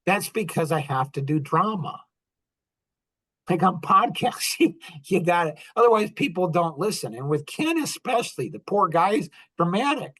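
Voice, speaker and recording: A man hosting a podcast, talking in a rambling, animated casual monologue and acting out conversations in different voices. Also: on the high side. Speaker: podcast host.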